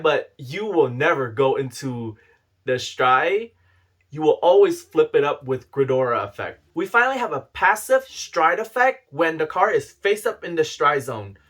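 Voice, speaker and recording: A man chatting excitedly through a casual card review on his channel. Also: on the high side. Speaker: card game youtuber.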